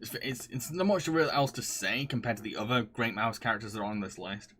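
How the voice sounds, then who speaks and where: A man rambling happily on a live stream, his voice sitting at an ordinary middle pitch. He gushes, laughs often and stumbles over restarts as he reads out comments from chat. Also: brisk, a bit bright, a little hiss or hum. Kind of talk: casual chat, reading chat.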